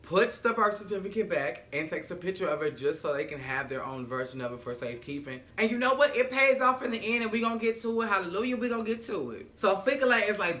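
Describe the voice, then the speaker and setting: A man with a high, bright voice recaps a series episode in a sassy, dramatic way and swears freely. The delivery is quick and lively. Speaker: show recap vlogger.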